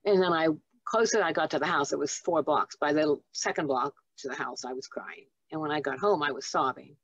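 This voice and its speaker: A woman in her seventies, a guest author and teen counselor, telling warm family stories on a video call and acting out the voices in them. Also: deep voice, fairly quick, breathy edge, no echo, lo-fi sound. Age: 70s. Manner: animated storyteller, acts out voices in her stories. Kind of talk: casual storytelling on a video call.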